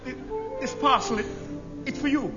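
A bumbling young officer hero gets excitable and giggly, with a very high voice that leaps all over. It comes from a muffled old radio broadcast with a long hall echo and loud music. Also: male voice, moderate pace, over a noisy crowd. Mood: lovestruck. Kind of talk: 1950s radio comedy acting.

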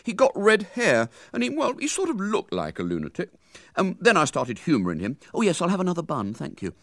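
A man's voice: a little high, wildly swooping pitch, brisk, no room sound, clean studio sound, voice pushed up, full character voice. A man voicing a boastful schoolboy who chatters on with his mouth full.

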